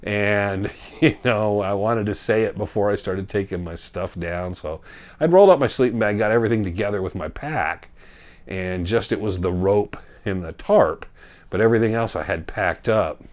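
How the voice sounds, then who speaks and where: Deep-voiced man telling a rambling story. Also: normal speed. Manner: rambling, conversational, with fillers and self-corrections. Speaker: storyteller recounting a backcountry trip. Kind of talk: casual spoken storytelling.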